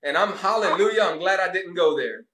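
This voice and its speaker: A man's voice: sits high, brisk, roomy sound, very noisy. A man rebuking a caller, taunting and sarcastic in a preachy rant. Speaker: religious video host.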